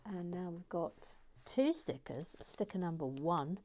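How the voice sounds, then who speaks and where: A woman's voice: on the low side, unhurried, few pauses, dark tone, slight background noise. A woman hosting a building stream, chatting casually and with self-mockery as she reads viewer comments, often dropping to a whisper while she concentrates.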